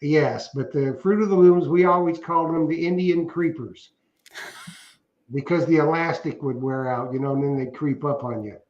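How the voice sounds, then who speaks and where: A middle-aged man with a fairly high voice chats casually as co-host of a livestream. He reads out viewer comments and tells rambling, jokey stories, laughing at his own punchlines. The sound is roomy and a bit dull, like lo-fi stream audio. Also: normal speed. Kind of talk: casual chat.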